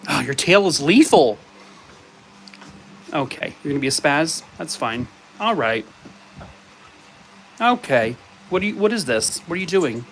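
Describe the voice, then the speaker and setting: A man's voice: fairly high pitch, expressive, unhurried, pauses often, fairly bright tone, slightly rough. A man live streaming from home, chatting casually and playfully scolding and baby-talking his dogs. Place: home in Arizona.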